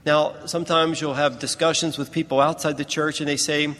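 A man with a slightly raised voice preaches a sermon, slow and deliberate, leaning on pauses to stress his points. His voice carries a long reverb, as if filling a large church. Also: on the high side, fairly bright tone. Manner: slow, deliberate teaching delivery with emphatic pauses.

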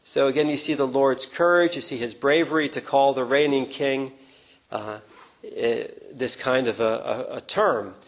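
Earnest and unhurried, a man preaches a sermon on a gospel passage, making small restarts as he explains the text. His voice sits in the mid range, and the recording quality is low.

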